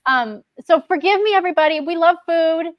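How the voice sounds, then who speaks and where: A woman hosting a casual chat, enthusiastic and giggly, talking warmly with her guest. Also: very high voice, fairly quick, no echo, highs cut off. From United States. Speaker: host.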